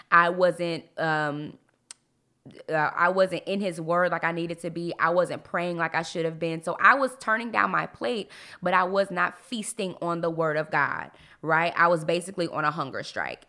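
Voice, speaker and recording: A woman hosting a casual faith podcast, lively and expressive, her voice swinging up and down as she talks and laughs. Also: on the low side. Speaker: podcast host.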